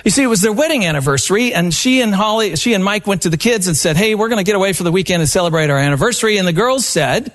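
High-voiced man telling a stepfamily story. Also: racing, hardly any pauses. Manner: earnest, animated storytelling. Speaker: seminar speaker. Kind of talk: storytelling event talk. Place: live event before an audience.

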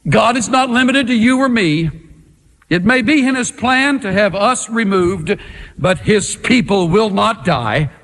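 Preacher guy, slow and dramatic, pitch all over the place, big echoey hall. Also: fairly bright tone. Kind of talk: sermon.

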